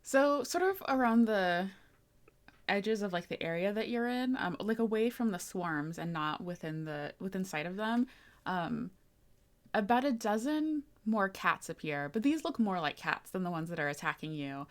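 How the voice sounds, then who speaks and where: A woman's voice: medium pitch, animated, normal speed. Easygoing woman running a tabletop game. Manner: easygoing, laughs often, many fillers. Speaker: game master.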